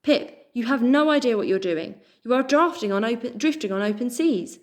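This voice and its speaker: A woman's voice: a little high, expressive, moderate pace, pitched above the performer's own voice, natural voice. Hans, a woman voicing a stern scarred rat soldier. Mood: urgent. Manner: stern, urgent, commanding. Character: gruff battle-scarred male rat soldier.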